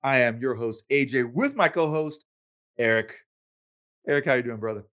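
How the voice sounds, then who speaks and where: A man hosting a casual podcast, relaxed and self-deprecating, laughing easily as he chats. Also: mid-range voice, normal speed, lo-fi sound. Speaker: podcast host. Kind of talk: casual chat.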